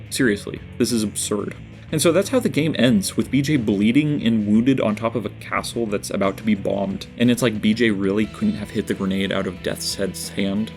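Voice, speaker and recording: A man with a fairly low voice narrates a scripted game review in an earnest, candid way, tossing in dry asides. Soft guitar music plays faintly underneath. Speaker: video essay host.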